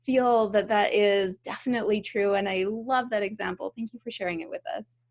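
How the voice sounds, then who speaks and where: A woman's voice: mid-range voice, fairly even intonation, a little fast. Affirming female podcast host. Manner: warm, affirming, laughs often. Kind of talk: casual interview.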